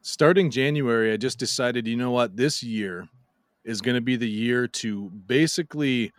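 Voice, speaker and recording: A man's voice: medium pitch, moderate pace, no room sound, studio quality. A man with a Minnesotan accent, a guest on a podcast, talking in an easygoing way and laughing often. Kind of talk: casual podcast chat.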